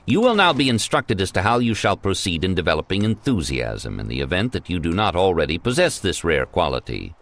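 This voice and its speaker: A man reading an old self-help text aloud in a measured, emphatic narration. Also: sits low, sing-song, fairly bright tone.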